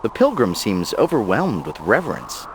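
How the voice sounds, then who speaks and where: A man's voice: on the low side, wildly swooping pitch, normal speed, a little hiss or hum. A man voicing a jokey, irreverent male AI companion in a video game, cracking sarcastic asides. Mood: teasing. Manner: sarcastic, playful, chants and sings. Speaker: wisecracking sidekick in a video game. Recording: game audio with music behind. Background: game music.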